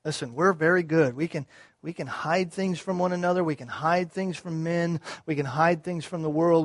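Pastor, male, slightly high voice, dry close sound, builds from measured to booming. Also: no echo. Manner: swings from quiet, measured teaching to loud, rising preaching; repeats phrases and asks rhetorical questions. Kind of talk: sermon.

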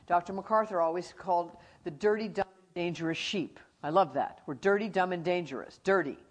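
A woman's voice: fairly low pitch, a little fast. A middle-aged woman teaching from the Bible, telling stories with energy and acting out animals and friends.

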